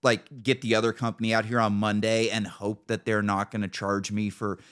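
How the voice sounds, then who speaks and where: A man's voice: fairly low pitch, level tone, normal speed, fairly bright tone, clean tone. An American man hosting a podcast, casually telling profane stories and acting out what people said. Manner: profane, storytelling with acted-out quotes. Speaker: podcast host. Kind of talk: casual chat.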